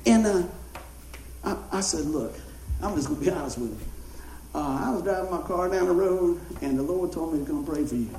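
A male pastor, telling a story in a sermon in an animated, conversational way. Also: fairly high pitch, fairly quick, slight background noise. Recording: roomy hall echo.

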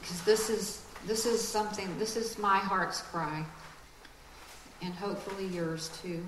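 A woman giving a lively, conversational sermon with quick asides. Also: mid-range voice, roomy sound, a little hiss or hum, rough recording. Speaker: speaker.

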